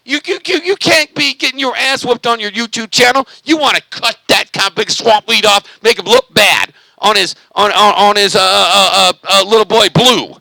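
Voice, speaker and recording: Hyped high-voiced man. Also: normal speed, gravelly, hardly any pauses, pushed and bright, no room sound, low-quality recording. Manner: hyped, repetitive, cheerleading chants. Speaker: CB radio vlogger. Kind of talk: excited CB radio banter.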